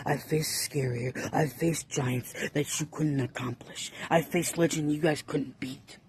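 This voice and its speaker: A man cuts a boastful wrestling promo in a mid-pitched voice, leaning into menace. His lines keep dropping into hushed, threatening whispers over a faint hiss behind him. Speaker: fan wrestling promo performer. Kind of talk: wrestling trash-talk promo.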